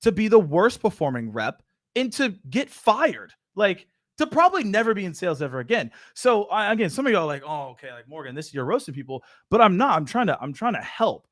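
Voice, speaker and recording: A young man hosts a live question-and-answer stream. He talks in a high, energetic voice and stays playful, teasing the audience with y'all. He comes across like someone chatting with regular viewers. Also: a little fast. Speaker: show host.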